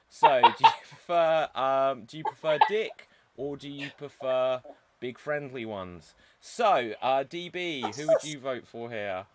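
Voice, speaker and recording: A man hosting a live-streamed improv comedy show, setting up scenes briskly and reading audience comments aloud. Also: a little high, noisy background.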